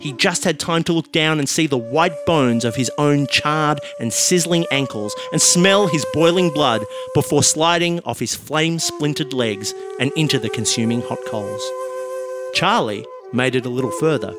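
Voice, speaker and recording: A man hosting a podcast, reading out an absurd comic story with a deadpan manner. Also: fairly high pitch, normal speed. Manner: deadpan, laughing at his own jokes. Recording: music playing under the voice.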